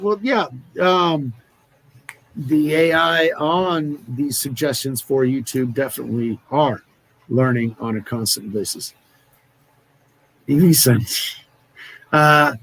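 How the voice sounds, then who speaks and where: Man, co-host, live-stream chat, fairly high voice, joking manner. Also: a bit bright. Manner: loose, joking, slips into put-on accents. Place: lives by a beach in Brazil.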